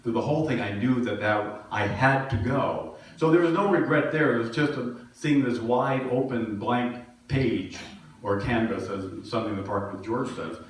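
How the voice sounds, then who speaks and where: A man's voice: medium pitch, normal speed, far from the mic. Man preaching in an echoey hall. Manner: conversational storytelling, self-deprecating humor. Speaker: minister. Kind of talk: sermon. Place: church sanctuary.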